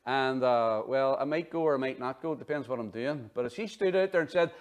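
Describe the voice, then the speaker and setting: A middle-aged man preaching a sermon in an animated, conversational way, full of asides. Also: medium pitch, fast talker, hardly any pauses. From Northern Ireland. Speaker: pastor.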